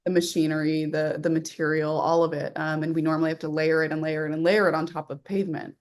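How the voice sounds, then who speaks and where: A woman's voice: deep voice, little pitch movement, fast talker. A woman guest on a podcast, a rally driver, explaining things in an easygoing way with frequent laughs. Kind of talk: casual interview chat.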